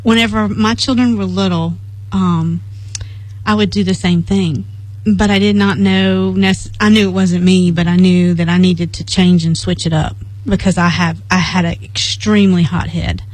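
A woman's voice: fairly low pitch, steady tone, moderate pace, darkish tone, no room sound, rough recording. A middle-aged woman leading a casual church group, rambling through stories and laughing often.

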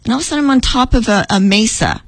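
A woman's voice: very fast, no echo, poor audio. A middle-aged woman telling a vivid dream with emotion, acting out her own words in a raised voice. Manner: animated, acts out her own lines in a higher voice. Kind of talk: emotional storytelling.

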